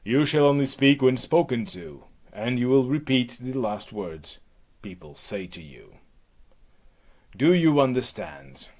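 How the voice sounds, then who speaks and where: A man putting on the voice of a furious goddess queen in a comic myth retelling, with slow, commanding threats. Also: medium pitch, lively intonation, close to an everyday voice. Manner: commanding, loud, drawn-out threats. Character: imperious furious goddess queen, female, adult.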